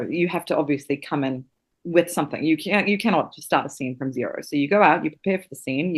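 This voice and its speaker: Woman guest from New Zealand, acting teacher, lively storyteller, swears and laughs easily. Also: low-pitched, slightly rough. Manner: animated, swears freely, laughs often. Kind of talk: casual storytelling interview.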